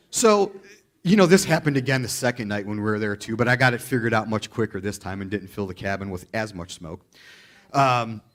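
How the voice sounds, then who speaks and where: A man preaching a sermon as a pastor, in an animated, chatty storytelling way. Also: medium pitch.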